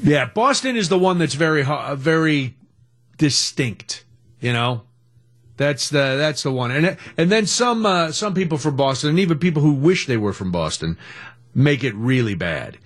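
Man, middle-aged, radio host, jokey, opinionated, lively intonation. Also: fairly high pitch, normal speed. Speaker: radio talk show host. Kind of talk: casual radio talk.

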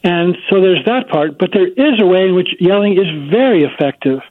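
A man, a psychology professor, answering interview questions in a measured, hesitant way. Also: high-pitched, lively intonation. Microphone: phone line. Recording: tinny phone line.

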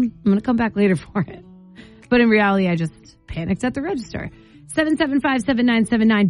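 A woman hosting a morning radio show, telling a story in a chatty, animated way with playful asides, speaking into a studio microphone. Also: a little high. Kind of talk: casual on-air chat.

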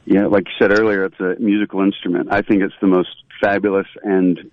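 A man's voice: sits low, level tone, brisk, dry recording. A man, a voice actor guest, chatting casually and a bit hesitantly in an interview over a tinny phone line. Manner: easygoing, hesitant, lots of ums.

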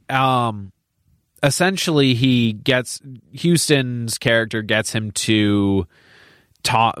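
A man's voice: lowish voice, a bit bright, clean tone, no echo, clean studio sound. A man co-hosting a podcast, talking casually about a film, candid and profane, with many fillers and restarts. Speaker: podcast co-host.

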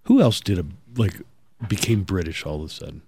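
Wry low-voiced male radio host. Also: animated, fairly quick, creaky, a little mellow, breathy edge, no echo, clean studio sound. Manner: wry, chatty, reads ad copy. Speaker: morning show host. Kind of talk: casual radio talk.

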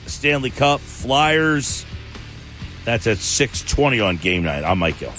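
A man's voice: medium pitch, slow. Radio sports guy chatting and laughing, voice all over the place, bit of music under it. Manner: chatty, laughing often, animated. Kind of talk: casual sports radio banter.

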